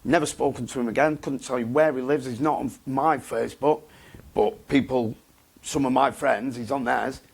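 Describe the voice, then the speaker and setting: A man speaks in a gravelly, husky voice. He answers bluntly and haltingly and circles back over his own words, like a guest in a candid interview. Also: mid-range voice, steady tone. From England. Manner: blunt, halting, repeats himself.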